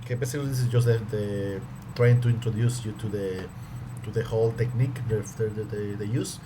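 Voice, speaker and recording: A man's voice: fairly low pitch, fast talker. A man reviewing a language course in casual commentary, hesitant and often repeating his words as he restarts. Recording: audible background noise.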